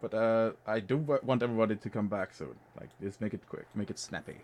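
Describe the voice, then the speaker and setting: A man running an online tabletop game as game master, halting and full of fillers, joking at his own expense. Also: on the low side, animated, darkish tone, slight background noise.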